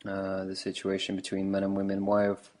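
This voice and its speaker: A man's voice: low voice, monotone, brisk, a little mellow. A man with an English accent hosting a podcast, talking casually and hesitantly, often restarting his questions. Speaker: podcast host.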